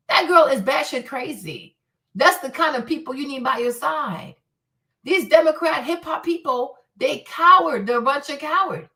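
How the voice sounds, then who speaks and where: Casting: outspoken woman livestream host, cussing, animated, high-pitched. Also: moderate pace, recorded from a distance. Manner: blunt, profane, animated ranting. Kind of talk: livestream commentary.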